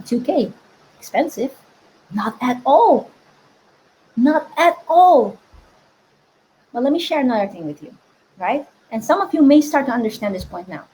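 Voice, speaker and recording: Casting note: woman money coach, high voice, lively, quizzes viewers on a live stream. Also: low-quality recording. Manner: energetic, asks the audience questions.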